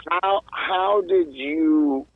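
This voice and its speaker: A man's voice: a little high, extremely slow, dry recording. A man in casual chat, asking rambling, hesitant questions. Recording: tinny phone-like line.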